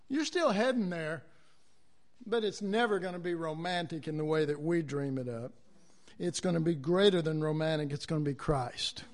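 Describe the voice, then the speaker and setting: A man's voice: on the high side, moderate pace. A man preaching a sermon, acting out quoted voices and calling for amens from the congregation.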